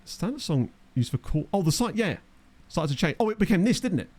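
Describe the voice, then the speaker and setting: This young man sits high in pitch, sing-song and a little mellow, speaking fairly quickly into a desk microphone. He's chatting casually on a live stream of a football management game, replying to chat and making wry asides.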